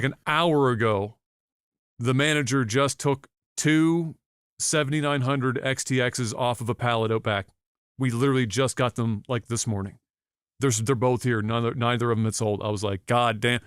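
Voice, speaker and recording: A male podcast co-host tells a story casually, swearing plenty and acting out his own reactions in an animated way. His voice is medium-pitched and smooth at a moderate pace, with clean studio sound and no echo.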